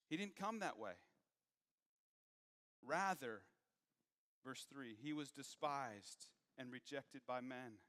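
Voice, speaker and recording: A man preaching a sermon, moving from hushed, low passages to raised, emphatic ones. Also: in a large hall.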